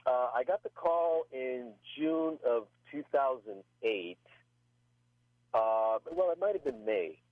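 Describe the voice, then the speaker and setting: A man being interviewed as a guest musician, speaking in a relaxed, hesitant way with many fillers. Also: medium pitch, slow pace, dry recording. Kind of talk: casual interview chat. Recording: tinny phone line.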